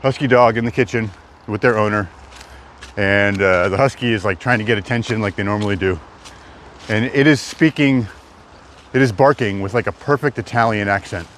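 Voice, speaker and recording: A man rambles to his live-stream viewers while hiking a wooded trail. His voice sits fairly low. Faint outdoor noise and the odd passing car sound behind him. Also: normal speed, fairly bright tone. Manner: rambling, chatty, talks to chat. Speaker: livestreamer. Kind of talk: live-stream walking vlog. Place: outdoors in woods.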